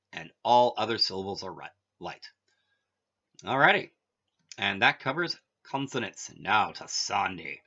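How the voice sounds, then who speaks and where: Man, lowish forceful voice, reads a lesson aloud with offhand asides; muffled lo-fi recording. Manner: reads text then adds offhand asides. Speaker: language teacher. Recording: dull lo-fi audio.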